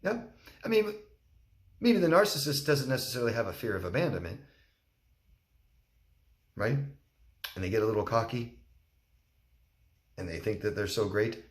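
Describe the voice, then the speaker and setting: A man's voice: lowish voice, expressive, fairly quick, pauses often, roomy sound. A man, a relationship coach, answering viewer questions in a candid, plain-spoken way and acting out quotes. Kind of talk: solo Q&A talk to camera.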